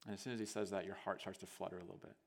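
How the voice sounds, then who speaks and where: A male pastor preaching a sermon as a vivid story, acting out scenes and swinging from hushed to loud, with lots of casual "like" fillers. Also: low voice, little pitch movement, very fast, creaky. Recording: long hall reverb.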